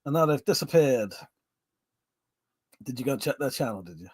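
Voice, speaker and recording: Streaming casually from home, a man reads out viewer comments, laughing often, bantering, swearing and drinking on stream. His mid-range voice is expressive and slightly rough at a normal speed, and the recording is dry.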